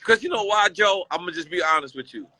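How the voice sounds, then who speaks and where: A man talks as a guest on a conversation show and tells a personal story with plain emotion, circling back over the same phrases. His voice sits a little high and sounds bright and forward. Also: expressive, fast, poor audio. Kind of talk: casual heartfelt conversation.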